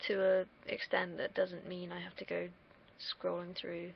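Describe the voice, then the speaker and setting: Young woman, fry-heavy voice, rambling self-deprecating vlogger, muffled home recording. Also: fairly low pitch, completely flat delivery, unhurried. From United Kingdom. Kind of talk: casual rambling monologue. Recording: dull lo-fi recording.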